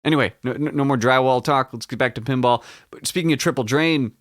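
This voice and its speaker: A man's voice: medium pitch, fast, no room sound, clean studio sound. A man hosting a casual solo podcast, rambling, joking and swearing in a Midwestern American accent. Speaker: podcast host.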